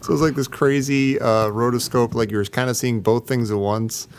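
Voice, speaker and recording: A man's voice: mid-range voice, steady tone, a little fast, slight background noise. A man in his thirties co-hosting a podcast, talking in a dry, self-deprecating way. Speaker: podcast co-host. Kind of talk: casual chat.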